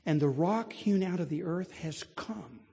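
A man preaching a sermon in a large church, telling stories earnestly and building to animated emphasis. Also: high-pitched, unhurried, gravelly. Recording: long reverb of a church.

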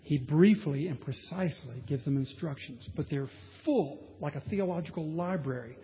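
A man's voice: a little high, moderate pace, slight background noise. A man preaching a sermon from the pulpit, emphatic and building intensity with repetition. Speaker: pastor. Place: large church sanctuary. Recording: dull sound with long hall reverb.

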